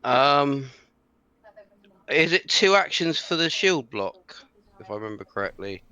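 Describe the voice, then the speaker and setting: A man's voice: medium pitch, big pitch swings, a little slow, sharp tone, clean tone. A man playing a tabletop game, hesitantly asking about the rules and his character's actions. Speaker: player. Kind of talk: casual tabletop game chat.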